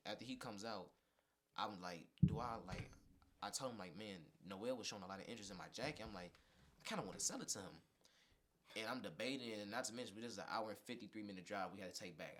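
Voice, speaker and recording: A young man from Indiana, a fashion designer guest on a podcast, telling a story casually and acting out the dialogue of the people in it. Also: deep voice. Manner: animated storyteller, acts out quoted dialogue.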